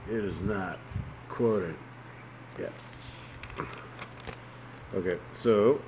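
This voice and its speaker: Man, very deep voice, casual, keeps stopping to double-check punctuation, faint hiss behind. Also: very slow. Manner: interrupts to check and repeat punctuation. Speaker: proofreading typist.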